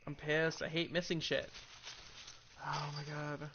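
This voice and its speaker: A man's voice: fairly high pitch, flat delivery, measured pace, bright, forceful tone, dull audio, a little hiss or hum. A young man playing a horror game, reading its text aloud and swearing at it in frustration. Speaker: gaming video host. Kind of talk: horror game let's play.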